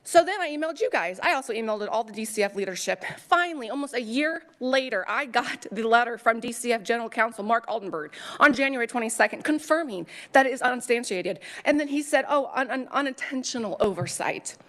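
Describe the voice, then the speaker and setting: A woman giving public testimony to a committee in a fairly high voice. She races through her statement, urgent and indignant. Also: lively intonation, fast, few pauses, fairly bright tone. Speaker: parent testifying at a hearing.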